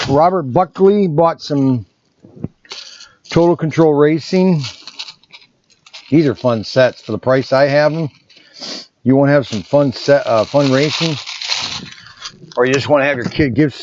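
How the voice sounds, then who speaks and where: A man talks in a loose, rambling way, often restarting his sentences, as he packs orders in his shop. His voice sits a little high for a man. The recording is somewhat dull and lo-fi, with a faint hiss behind him. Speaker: toy shop owner. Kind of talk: casual vlog while packing orders. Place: indoor shop packing area. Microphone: separate mic system away from the camera.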